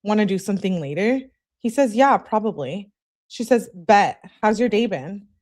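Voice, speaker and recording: A woman's voice: mid-range voice, expressive, normal speed, a little mellow. A woman hosting her channel, reading text messages aloud in a casual way and adding blunt, profane asides while greeting viewers. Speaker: channel host reading case evidence.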